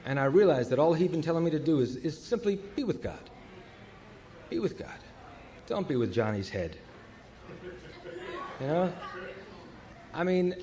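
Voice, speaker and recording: An older man telling his recovery story at a meeting, halting and full of fillers. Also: fairly high pitch, a little mellow. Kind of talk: personal recovery talk.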